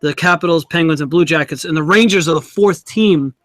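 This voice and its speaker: A man with a high voice chats casually about sports as a podcast co-host. He stumbles and restarts his words often. The sound is dry and close, with no room echo. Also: a little fast, a bit bright.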